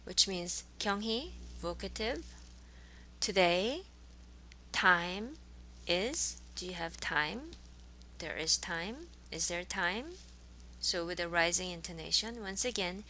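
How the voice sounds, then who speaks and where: A woman teaching a language lesson, saying model phrases slowly and over-enunciating them, then repeating them for her students. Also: lowish voice, lively intonation, bright, forceful tone.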